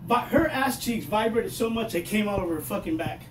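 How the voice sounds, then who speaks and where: Man, 50s, high-pitched, profane stand-up comic, roomy distant recording. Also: a little fast, a loud crowd. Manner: profane, loud, animated storytelling. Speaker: stand-up comedian. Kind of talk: stand-up comedy set. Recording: echoey room, mic heard from a distance, noisy.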